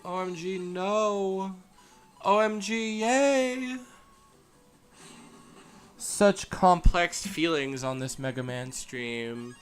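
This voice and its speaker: Goofy, high-voiced male streamer. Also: drawn-out words, long pauses, clean tone, faint music behind. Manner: goofy, self-amused talking to himself. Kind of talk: casual gameplay commentary.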